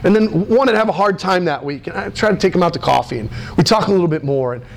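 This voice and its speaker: A middle-aged American man preaching, telling a story with lots of fillers and restarts in an animated, excitable way. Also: high-pitched, fast, gravelly, slight background noise. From United States. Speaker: pastor. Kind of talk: sermon storytelling.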